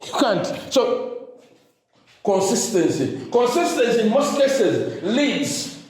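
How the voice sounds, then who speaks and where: Animated man preaching with call-and-response. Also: very high voice, slow. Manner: call-and-response, asks "what?" for the crowd to fill in; mixes in Luganda phrases. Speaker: motivational speaker. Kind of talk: motivational talk to teachers. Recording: echoey room.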